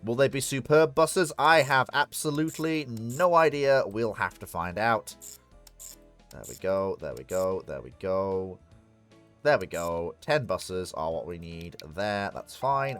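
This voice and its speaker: A man's voice: fairly low pitch, expressive, unhurried, fairly bright tone, soft background music. A man casually commenting while he plays a strategy game on a live stream, rambling and talking to himself and to the game. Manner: rambling, talks to himself and the game, self-mocking.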